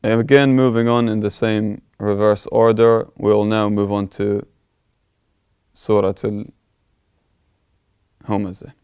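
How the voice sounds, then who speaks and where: A man's voice: lowish voice, slow, pauses often, smooth, dry recording, studio quality. A man teaching a recitation lesson, patiently explaining and demonstrating how each word should sound. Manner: calm, patient, repeats words to contrast right and wrong sounds.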